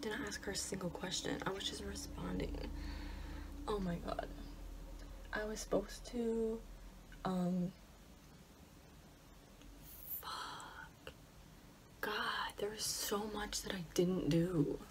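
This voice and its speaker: Speaking at a measured pace in a mid-range voice, this young Michigan woman vlogs casually from her bedroom as a college student. Her tone is anxious, and she frequently lowers to a whisper. A lawnmower hums outside amid constant background noise.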